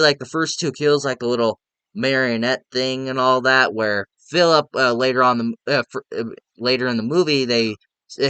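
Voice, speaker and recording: An eager young man talks through a horror film review in a loose, rambling way, tripping over restarts as he goes. His voice is bright and crisp, and the sound is close and dry. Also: mid-range voice, dry recording. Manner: rambling and enthusiastic, many fillers and restarts. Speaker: movie reviewer. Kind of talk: casual spoken film review.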